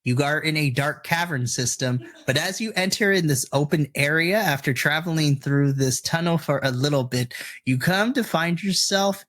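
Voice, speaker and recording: A man's voice: a little high, normal speed, fairly bright tone. Man, dungeon master, loose chatty narration, tabletop game.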